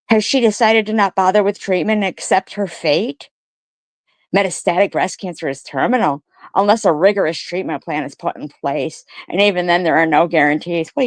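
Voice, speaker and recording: A woman's voice: on the low side, no room sound. A woman doing profane, mocking commentary, firing back sarcastic rhetorical questions at her critics. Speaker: commentary streamer. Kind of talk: ranting commentary on comments read aloud.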